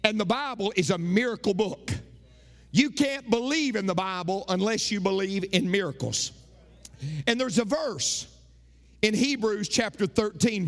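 A man from the United States preaching a sermon, animated and folksy, with jokes and repeated refrains. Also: sits high, in a large hall. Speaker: pastor.

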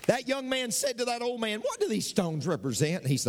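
A man preaching a sermon as pastor, swinging between sudden high bursts and slow, drawn-out lines. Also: big pitch swings. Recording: long hall reverb.

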